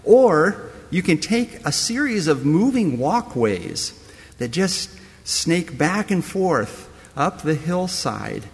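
A man's voice: on the high side, sing-song, slow pace, big-room sound. A man preaching a sermon, telling a story that speaks straight to the listener as you. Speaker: pastor.

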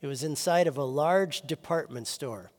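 Pastor guy preaching, kinda high voice, rises loud then drops soft, long church echo. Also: normal speed. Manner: earnest preaching, swings from loud emphasis to soft low phrases. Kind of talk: sermon.

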